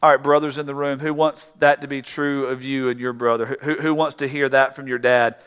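A man's voice: medium pitch, little pitch movement, brisk, fairly bright tone, clean tone, long reverb tail. A man preaching a sermon, reading scripture aloud and now and then acting out pleading characters. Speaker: pastor.

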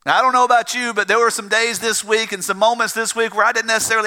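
A man's voice: sits high, fairly even intonation, quick pace, hardly any pauses, pushed and bright. A man with a South Georgia accent preaching a sermon as pastor, earnest, repeating phrases and building emphasis. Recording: long reverb of a large hall.

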